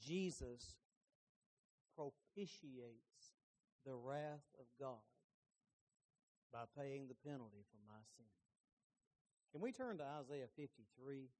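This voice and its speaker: A middle-aged man preaching a sermon, telling the story with lively emphasis and folksy asides. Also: medium pitch, slow, long pauses.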